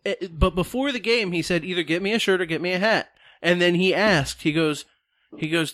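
A man's voice: high-pitched, a little fast, fairly bright tone, no room sound, clean studio sound. A man co-hosting a podcast, telling a rambling story in casual chat and acting out the quotes. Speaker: podcast co-host.

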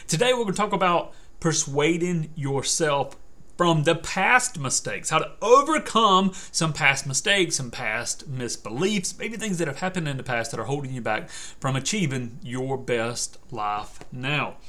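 An older man hosts a motivational podcast in a somewhat high voice. He talks emphatically and repeats his points as he tells stories. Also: animated, unhurried, bright, forceful tone. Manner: emphatic, repetitive, storytelling. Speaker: podcast host and persuasion coach.

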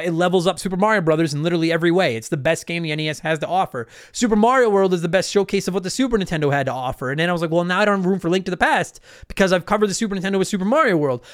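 High, crisp-voiced animated podcast host. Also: male voice, no echo, studio quality. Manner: animated, swears casually, emphatic. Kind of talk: casual solo podcast chat.

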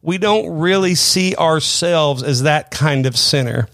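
A man's voice: fairly high pitch, a little slow, fairly bright tone, no echo, studio quality. A middle-aged man preaching a sermon, earnest, often repeating words and restarting his sentences. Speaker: pastor. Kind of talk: sermon-style teaching.

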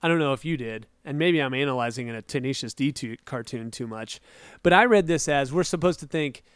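A man's voice: mid-range voice, animated, fairly quick, clear, resonant tone, no echo, studio quality. A man co-hosting a podcast in casual chat, rambling and laughing often as he retells scenes and acts out lines. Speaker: podcast co-host.

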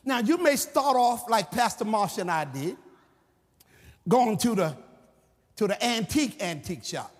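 Fervent man preaching, husky. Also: high voice, animated, normal speed, long pauses. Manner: fervent, shouting, repetitive. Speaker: pastor. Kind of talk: sermon. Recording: reverberant church hall with music.

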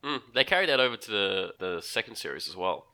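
A man's voice: on the low side, lively intonation, fast talker, bright, forceful tone. A man co-hosting a podcast in casual chat, jokey and laughing often. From Australia.

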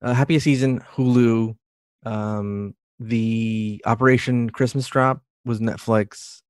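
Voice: mid-range voice, fairly even intonation, slow, a little mellow, no room sound. Hesitant podcast co-host, dry close mic. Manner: hesitant, full of fillers and restarts. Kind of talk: casual chat.

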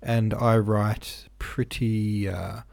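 A man's voice: on the low side, little pitch movement, drawn-out words, creaky, darkish tone. A man hosting a casual solo podcast, talking in a rambling, hesitant way with many fillers and restarts. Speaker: podcast host and novelist.

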